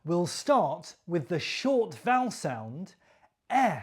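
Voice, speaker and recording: A woman leads a beginner pronunciation drill, pronouncing every sound with careful, deliberate clarity. She speaks very slowly, and her intonation rises and falls widely so learners can copy it. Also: lowish voice, sing-song, a little mellow. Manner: careful, deliberate enunciation with exaggerated intonation for repetition. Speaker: pronunciation teacher. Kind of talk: slow scripted pronunciation drill.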